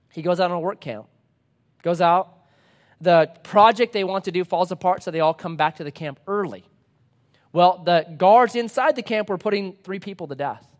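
A man, a pastor, preaching a sermon with dramatic storytelling that swings from loud to hushed, sometimes acting out playful voices. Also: high-pitched. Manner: acts out playful voices for talking objects.

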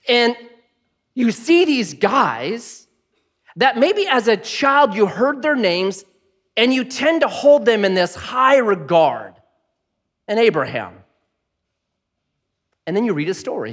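A man in his thirties preaching a sermon, telling a family story with animated, self-deprecating humor. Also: extremely high pitch. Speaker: pastor.

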